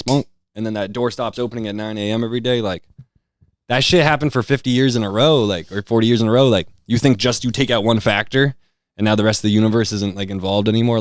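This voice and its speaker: A man's voice: on the low side, no room sound, studio quality. A man, a rapper guest, telling loose stories in casual chat from his parents' house. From Western Massachusetts. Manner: loose storytelling with many "like"s.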